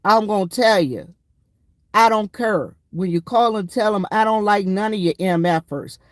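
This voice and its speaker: A woman voicing a loud, blunt male first sergeant with a Southern accent, gruff and brash. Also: medium pitch, measured pace, dry recording, studio quality, lightly acted. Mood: gruff shouting.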